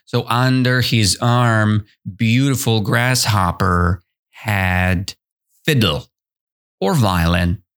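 Speaking slowly in a clear, resonant, fairly low voice, a podcast English teacher explains a story as a language lesson. He keeps things lively, repeats himself often, and poses questions to his audience along the way.

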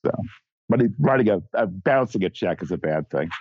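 A man's voice: low-pitched, lively intonation, a little fast, slightly rough, no echo, lo-fi sound. A man appearing as a guest journalist, talking bluntly in a casual political chat, often restarting his sentences.

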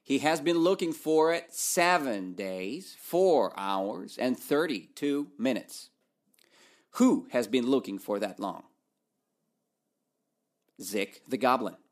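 A man's voice: mid-range voice, expressive, takes it slowly, pauses often. A man teaching through a story, asking his listeners questions and answering them himself in a playful way.

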